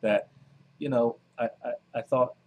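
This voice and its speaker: A man in his thirties with a New Jersey accent, an author and minister, answering interview questions in an earnest, measured way. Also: medium pitch, steady tone, phone-quality sound, a little hiss or hum. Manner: earnest, measured, many fillers. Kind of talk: casual interview.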